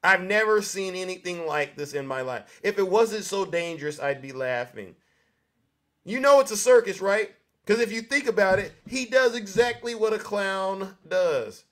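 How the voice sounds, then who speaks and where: A man's voice: high-pitched, expressive, moderate pace, fairly bright tone. A male show host delivering a mocking monologue, firing rhetorical questions at his audience.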